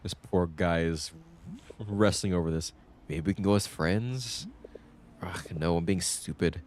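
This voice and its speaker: A man streaming a story game, casually reading the dialogue aloud and adding quick comments in his own voice. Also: sits low, slight background noise. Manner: lively, reads game lines in his own voice with quick asides.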